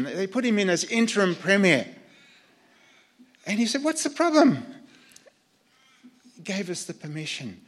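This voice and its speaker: An older man and former missionary telling a personal story in an earnest, halting way, often repeating words as he searches for them. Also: a little high, fairly bright tone.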